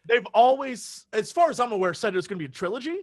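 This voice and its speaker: A man's voice: very high voice, animated, fast, dry recording, clean studio sound. A man co-hosting a podcast, chiming in casually with jokes. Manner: casual, joking interjections. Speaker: podcast co-host.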